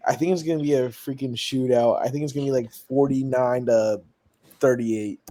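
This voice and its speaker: A man's voice: medium pitch, fairly even intonation, moderate pace, mellow. A young man hosting a casual sports podcast, easygoing and laughing often as he asks for predictions. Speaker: podcast host leading picks.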